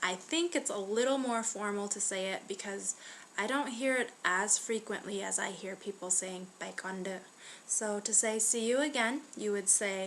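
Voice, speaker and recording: A young American woman giving a casual beginner language lesson, chatty and friendly, slowing down to sound out each word. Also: medium pitch, a bit bright, a little hiss or hum. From United States. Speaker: language teacher.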